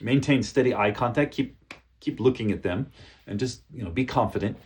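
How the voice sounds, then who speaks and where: A man teaching business English in a casual talk to camera. He checks in often with "okay?" and "you know", and calmly demonstrates useful phrases. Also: medium pitch, moderate pace. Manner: demonstrates phrases in a calm, friendly voice. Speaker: English coach.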